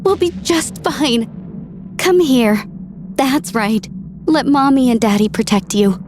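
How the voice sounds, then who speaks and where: A woman voicing a gentle alien mother who calms her family, in an animated short. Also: high-pitched, slow pace, noisy background. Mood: soothing. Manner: soft, comforting. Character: alien mother, soothing and doting.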